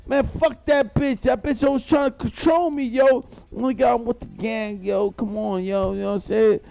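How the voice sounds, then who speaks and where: A man's voice: extremely high pitch, moderate pace, creaky, hardly any pauses, dark tone, soft background music. A man rambling through a profane, boastful story in a live-stream monologue, repeating himself as he goes.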